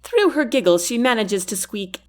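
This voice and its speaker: A woman reading a first-person romance audiobook in an expressive storytelling manner. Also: a little high, moderate pace. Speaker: audiobook narrator.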